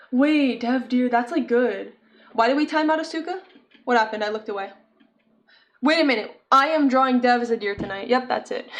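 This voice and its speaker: A woman's voice: on the high side, normal speed. Chatty young woman streaming, giggly. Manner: chatty, giggly, reads and answers chat. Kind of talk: casual chat while crocheting.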